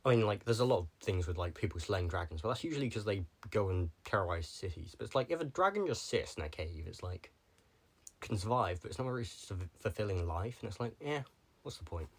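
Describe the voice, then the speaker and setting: Rambling low-voiced young guy. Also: animated, fairly quick, slightly rough. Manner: rambling, jumps between tangents, lots of "like". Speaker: vlogger. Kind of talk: casual rambling monologue.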